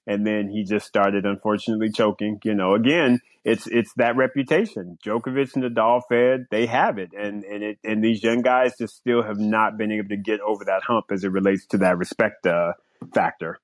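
A man's voice: lowish voice, steady tone, moderate pace, dry recording, clean studio sound. A man co-hosting a podcast in casual sports chat, laughing often and repeating words as he tells it. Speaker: podcast co-host.

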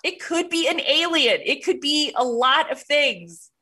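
A woman co-hosting a podcast in casual chat, animated and laughing often as she tells a story. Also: sits high, unhurried. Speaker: podcast co-host.

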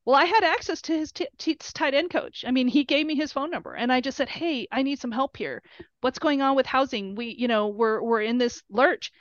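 A woman's voice: high voice, fairly quick, few pauses, no echo, muffled recording. A middle-aged woman, a mother, telling a story casually and emotionally, with many fillers and quoted dialogue. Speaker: mother of a college football player.

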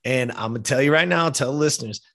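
A man's voice: mid-range voice, fast, gravelly, sharp tone. A man in his fifties from the United States, a podcast guest telling an emotional personal story with casual swearing and frequent fillers like "like" and "you know". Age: 50s.

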